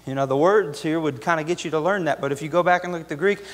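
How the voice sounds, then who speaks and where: A fervent young male preacher with a notably high voice, hammering his points home in repeating phrases. His sermon rings out with a long reverb through the church sanctuary. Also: quick pace. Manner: fervent, repetitive preaching cadence. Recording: echoey church hall reverb.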